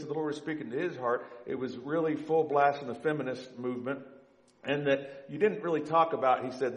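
A man's voice: mid-range voice, reverberant, rough recording. A man giving a conversational sermon to his congregation in a church, telling stories and speaking straight to the people in the pews. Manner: conversational, animated when joking. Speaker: pastor. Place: church sanctuary with stage lights.

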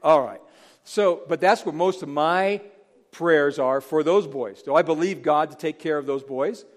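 A middle-aged man preaching a sermon, animated, acting out Bible figures in voices. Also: fairly high pitch, measured pace. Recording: long hall reverb.

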